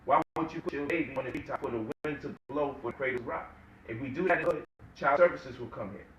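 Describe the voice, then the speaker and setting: Bright-voiced man in an echoey room. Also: mid-range voice, fast talker, dull audio, slight background noise. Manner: rhetorical questions, mocking quotes. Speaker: guest speaker. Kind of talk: impassioned lecture-style talk. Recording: echoey room, mic at distance.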